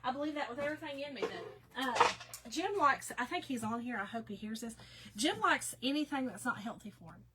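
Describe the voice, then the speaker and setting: A woman's voice: sits high, lively intonation, brisk, background noise. A woman, chatting casually to viewers in her own folksy, talkative way while she works on a craft project. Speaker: craft livestream host.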